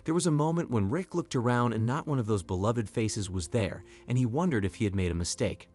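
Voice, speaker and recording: A man narrating a scripted story, reading every character's lines in a mostly even voice. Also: mid-range voice, fairly quick. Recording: soft background music.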